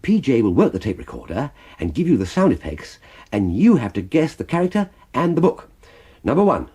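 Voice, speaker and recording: Give me a theatrical man hosting children's radio, very lively pitch. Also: a little fast, slightly rough. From England. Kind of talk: scripted children's radio chat. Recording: hissy old cassette tape.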